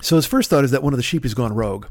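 A man's voice: medium pitch, rapid-fire, creaky, no echo, clean studio sound. Profane rambling male storyteller. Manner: rambling, profane, builds into loud mock-epic excitement. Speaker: podcast storyteller. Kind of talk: comic storytelling.

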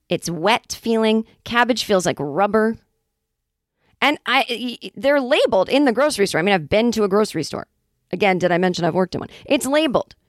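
A woman's voice: fairly high pitch, no room sound, clean studio sound. Wry, chatty woman comic host. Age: 40s. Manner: chatty and wry, with quick acted-out asides. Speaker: podcast host. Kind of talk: casual comedic monologue.

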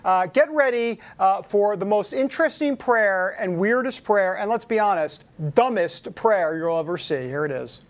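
A man's voice: high voice, expressive, normal speed, hardly any pauses. Joking, incredulous male talk host. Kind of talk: casual chat.

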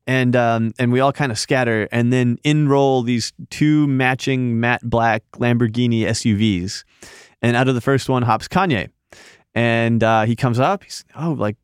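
A man's voice: medium pitch, a little slow, clear, resonant tone, no room sound, studio quality. A man, a magazine editor, telling a rambling story in casual podcast chat, full of fillers and restarts.

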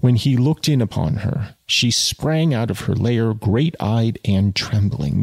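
Brief: man reading fiction aloud, casual asides, gravelly, husky voice. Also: lowish voice, a little slow, hardly any pauses, no echo. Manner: wry asides, conversational.

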